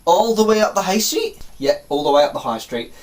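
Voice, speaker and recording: A man's voice: medium pitch, fairly even intonation, fast talker, darkish tone, lightly acted. A man voicing a blunt, rude local woman giving directions in a matter-of-fact way.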